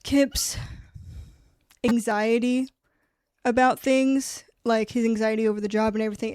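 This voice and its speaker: A young woman chatting casually about a book, rambling, animated and swearing freely. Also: on the high side, dry recording. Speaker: book reviewer. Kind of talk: casual chat.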